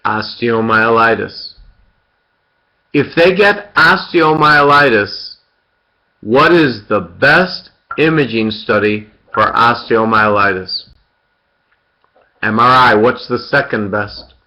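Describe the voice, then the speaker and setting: A man's voice: mid-range voice, slow pace, long pauses, bright, forceful tone. A man giving an interactive surgery lecture, quizzing students by name and repeating key points. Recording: dull lo-fi lecture recording.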